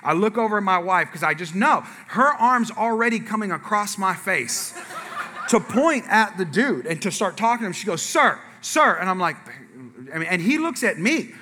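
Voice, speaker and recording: A man's voice: high voice, normal speed, long reverb tail, slight background noise. A man preaching as a pastor, telling a humorous personal story to his congregation, acting out what people said and asking the audience questions. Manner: animated storyteller, acts out quotes, asks audience.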